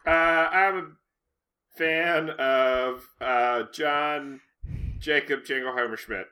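A young man co-hosting a podcast with deadpan humor, often pausing on "uh". He speaks slowly, and his voice is very bright and sharp. The overall pitch is average. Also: clean tone. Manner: deadpan, hesitant with fillers. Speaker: podcast co-host. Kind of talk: casual comedic chat.

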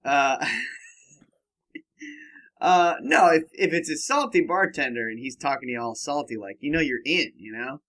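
A man's voice: mid-range voice, expressive, moderate pace, long pauses, a bit bright. A man co-hosting a casual podcast chat, riffing with playful exaggeration. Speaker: podcast co-host.

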